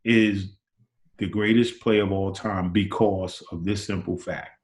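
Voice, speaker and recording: Speaking a little slowly, a low-voiced man in his sixties, a former basketball player, tells lively stories as an interview guest. His intonation is fairly even, though he voices other people's lines with abrupt pitch leaps and repeats words while building momentum. The audio has a roomy echo.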